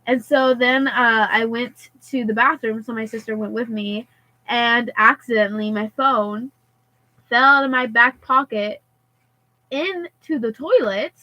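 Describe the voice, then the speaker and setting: A woman's voice: fairly high pitch, a little slow, bright, forceful tone, dry recording, rough recording. A teenage girl telling a story in casual chat, rambling and filling her sentences with "like" and "and stuff like that.". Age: teens. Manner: rambling, heavy use of "like" and "and stuff like that".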